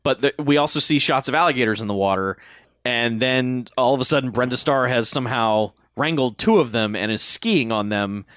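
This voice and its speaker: A man's voice: mid-range voice, a little fast, clean tone, no room sound, studio quality. A man co-hosting a casual podcast, telling movie scenes and mimicking the characters. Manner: animated storyteller, mimics characters. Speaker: podcast co-host. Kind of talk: casual movie recap chat.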